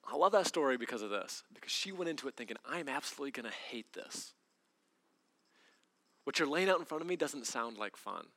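A man preaching a sermon, telling a lively camp story and acting out the quoted voices. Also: medium pitch, fast talker, few pauses. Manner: animated storyteller, acts out quoted voices, repeats words.

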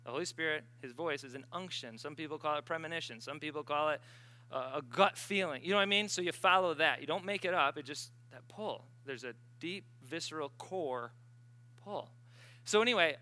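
A man preaching a sermon in a conversational, emphatic way, swinging between loud and hushed and acting out the voices he quotes. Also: a little high, fairly quick. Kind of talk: sermon with storytelling.

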